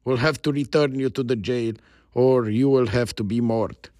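A man's voice: mid-range voice, normal speed, darkish tone, no room sound, clean studio sound, natural voice. A man voicing a jovial, stocky male pirate chief in a spoken story, hearty and boastful.

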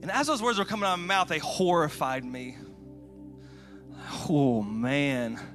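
A middle-aged man preaching a sermon, telling a personal story with emotion, moving from hushed confession to shouting. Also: on the high side, a little slow, soft background music. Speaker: guest preacher.

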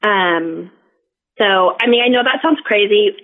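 A woman telling a story as a podcast guest in casual chat, halting, with lots of fillers and restarts. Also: medium pitch. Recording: tinny phone-like line.

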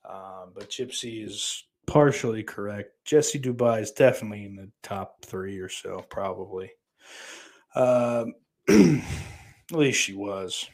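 A man's voice: on the low side, takes it slowly, darkish tone. A man chatting casually on a live stream, reading chat messages and answering with rambling, profane, sarcastic remarks.

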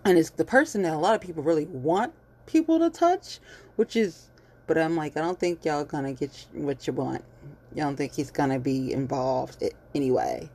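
A woman giving a blunt, animated casual commentary monologue on local politics, swearing freely. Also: sits low, normal speed, breathy edge.

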